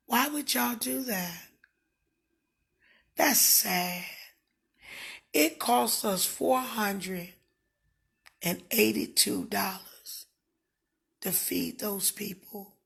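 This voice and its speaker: A woman speaking casually to livestream viewers, emphatic and given to shouting when aggrieved. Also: medium pitch, very slow, gravelly, pauses often, husky.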